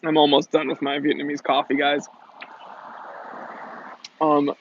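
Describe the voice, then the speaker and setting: A man's voice: on the high side, monotone, unhurried, dull audio, a little hiss or hum. A man hosting a casual livestream Q&A about watches, playful and chatty, reading out viewer comments. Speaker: watch channel host. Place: Los Angeles.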